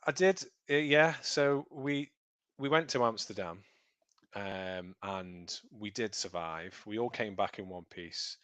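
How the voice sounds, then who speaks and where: A man from Stoke-on-Trent, England, co-hosts a live podcast, rambling and laughing easily in casual chat. His mid-range voice is bright, forceful, clear, and resonant. The recording is dry, with a dull lo-fi sound.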